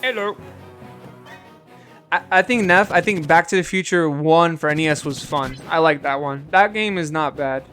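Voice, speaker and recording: A man streams a video game, casually chatting, rambling, chuckling, and swearing at the game. His voice is on the high side and fairly bright, at a moderate pace, with faint music in the background.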